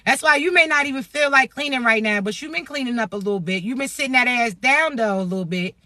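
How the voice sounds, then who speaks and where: High, bright-voiced Floridian woman preaching. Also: quick pace, no echo. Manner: animated, preachy and profane, slangy. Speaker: spiritual motivational speaker. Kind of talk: spiritual pep talk to viewers.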